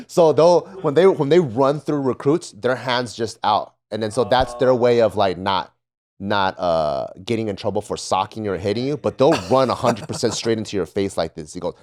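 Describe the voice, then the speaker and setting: A man with a low voice telling stories in loose, casual chat. He swears often, laughs at his own stories and briefly barks out the lines of drill instructors. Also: animated, normal speed, darkish tone. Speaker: podcast panelist, former Marine. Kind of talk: casual storytelling.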